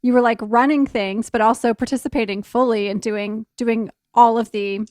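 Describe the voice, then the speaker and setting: A woman's voice: a little high, steady tone, normal speed, darkish tone, no echo, clean studio sound. A woman hosting a podcast, guiding a casual interview and filling in context for listeners. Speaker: podcast host.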